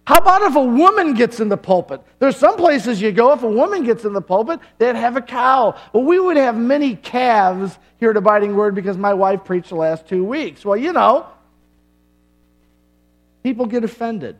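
Male pastor, middle-aged, very high voice, punchy sermon delivery with jokes and long pauses. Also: animated. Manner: emphatic preaching with dramatic pauses and humor.

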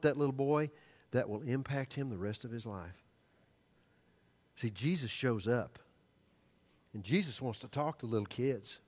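An older man preaching a sermon, telling stories animatedly and then dropping to hushed, earnest tones. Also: medium pitch. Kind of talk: sermon storytelling.

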